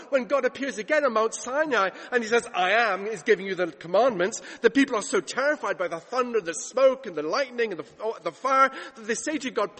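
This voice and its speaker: A man's voice: very high voice, animated, a little fast, hardly any pauses, fairly bright tone. A man preaching a sermon, retelling scripture dramatically and acting out the voices he quotes. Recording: long hall reverb.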